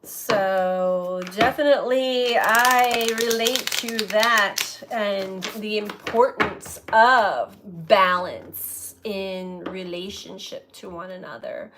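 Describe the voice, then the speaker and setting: A woman tarot reader reflecting aloud in a slow, musing way, often breaking into light laughter. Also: mid-range voice, background noise. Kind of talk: spiritual reflection to camera.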